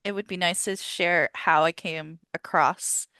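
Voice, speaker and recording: A woman with a fairly low voice speaks as an eager podcast guest. The sound is dry and close, with no room echo. She talks earnestly and often doubles her words. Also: fairly even intonation, a little slow, sharp tone. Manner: earnest, enthusiastic, repeats words. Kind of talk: casual chat.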